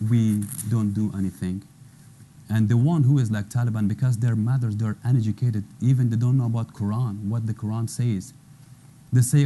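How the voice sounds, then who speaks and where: Afghan man, low mellow voice. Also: a little hiss or hum. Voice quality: broken English, earnest, laughs easily. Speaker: former interpreter, panel guest. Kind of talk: personal testimony at a panel.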